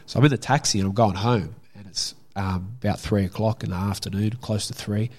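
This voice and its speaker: A man's voice: lowish voice, steady tone, brisk, a little mellow. A young Australian man telling a story from his own life in a casual, candid way, swearing freely. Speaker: guest.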